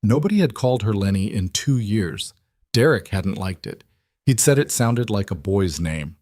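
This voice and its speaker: A man narrating a scripted story in a measured, even way. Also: fairly low pitch, no echo, studio quality.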